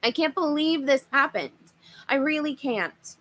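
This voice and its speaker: A woman voicing a panicked father who shouts and pleads about his wrecked car. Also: sits high, expressive, measured pace, pitched above the performer's own voice. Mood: frantic. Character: frantic red-faced dad, loud and desperate.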